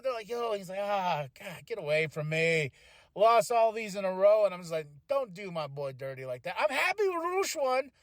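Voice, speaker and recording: High-pitched guy ranting about wrestling on his podcast, swears a lot, dry close mic. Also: dry recording. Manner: excitable, profane, acts out wrestlers' voices. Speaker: podcast host. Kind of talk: casual wrestling show review.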